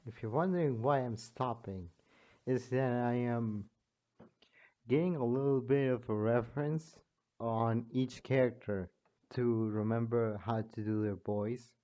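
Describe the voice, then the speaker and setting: Young guy reading fan fic out loud, super slow, mellow dark voice, trips over words. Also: medium pitch. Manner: slow, stumbling, restarts often. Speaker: fan fiction reader and narrator. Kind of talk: casual reading of a fan story with asides. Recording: dull lo-fi home mic.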